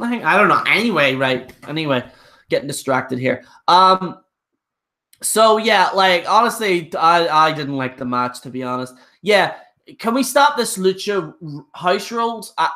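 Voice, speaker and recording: A man's voice: a little high, pushed and bright. A young man ranting casually on a live stream, blunt and rambling, with frequent restarts. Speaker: wrestling show reviewer.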